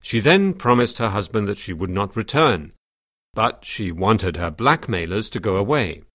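An actor playing a detective who calmly lays out his theory of a case in an audiobook drama. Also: on the low side, no echo, clean studio sound. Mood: explaining. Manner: measured, explanatory. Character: calm, reasoning detective explaining a theory.

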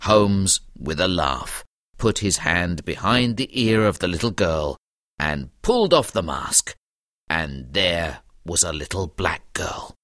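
Narrator companion read by a man, very deep and lively, dry audiobook. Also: slow, no echo, full character voice. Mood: narrating. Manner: expressive storytelling narration. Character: detective's companion narrating the story.

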